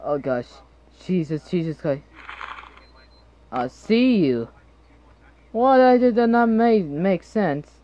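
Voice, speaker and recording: Young woman gamer, horror commentary, slow and jumpy, lively pitch, screams at scares. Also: highs cut off, slight background noise.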